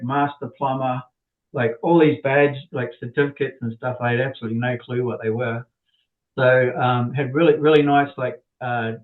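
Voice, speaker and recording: A middle-aged man tells a rambling story as an interview guest, restarting and repeating words as he goes. His voice has a middling pitch and comes through a thin, phone-like connection that cuts the lows and highs. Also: reverberant. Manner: rambling, repeats words, acts out quoted people. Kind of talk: casual anecdotal storytelling. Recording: tinny phone-like line.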